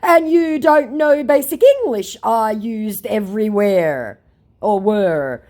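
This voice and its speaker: A woman voicing a young male online scammer, defensive and muddled, in slow, halting, broken phrasing. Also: mid-range voice, animated, a little mellow, pitched above the performer's own voice.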